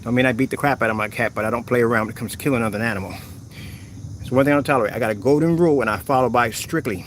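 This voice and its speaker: A man's voice: medium pitch, very fast. Man, casual vlog talk, chatty, at home, noticeable background noise. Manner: talkative, talks softly to a rescued bird. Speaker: vlogger. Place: at home, indoors.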